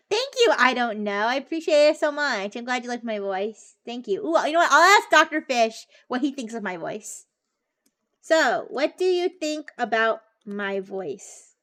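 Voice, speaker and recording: A woman's voice: on the high side, big pitch swings, unhurried, fairly bright tone. A woman streamer chatting casually on a live stream, bubbly and giggly as she talks with viewers and a chatbot.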